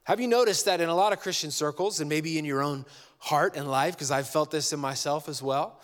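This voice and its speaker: A man preaching a sermon as a pastor, talking in a conversational, animated way and acting out little dialogues. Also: fairly high pitch, moderate pace.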